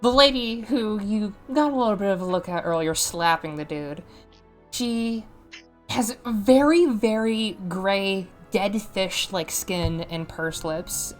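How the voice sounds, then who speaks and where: A woman running a tabletop game as game master, lively and quick to laugh. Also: medium pitch, soft background music. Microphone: streaming mic.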